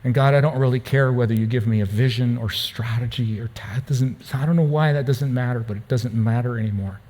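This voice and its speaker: A pastor telling a personal story in a sermon, lively at times and turning quiet and hushed. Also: male voice, medium pitch, a little fast. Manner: storytelling, animated, dropping to a hushed tone. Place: church.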